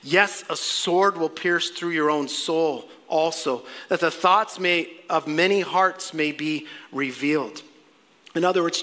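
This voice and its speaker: A man preaching a sermon, telling stories with energy and dropping to hushed voices when acting out what people might say. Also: a little high. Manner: lively storytelling, acting out voices of mothers in hushed tones. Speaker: pastor.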